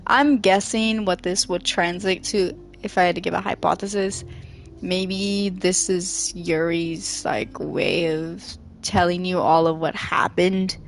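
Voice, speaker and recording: A woman's voice: fairly low pitch, slow pace, slight background noise. A woman doing casual let's play commentary, muttering and swearing in exasperation. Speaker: let's player.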